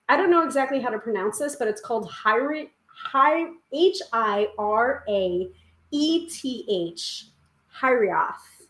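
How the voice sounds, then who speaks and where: Chatty, giggly woman in an echoey room. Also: a little high. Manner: chatty, giggly, lots of fillers and self-corrections. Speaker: tarot reader hosting a live stream. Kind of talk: casual live-stream chat and card reading.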